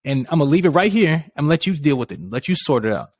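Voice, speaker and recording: Man, podcast co-host, casual chat, animated, passionate, dry close sound. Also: fairly high pitch, quick pace, no room sound. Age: adult with a child. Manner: animated, passionate, gets loud.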